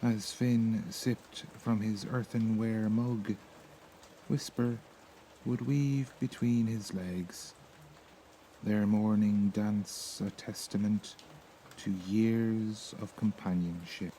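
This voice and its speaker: A man with an Irish accent reading a sleep story in a soft, slow, soothing voice. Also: fairly low pitch, steady tone, slight background noise, poor audio. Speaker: narrator.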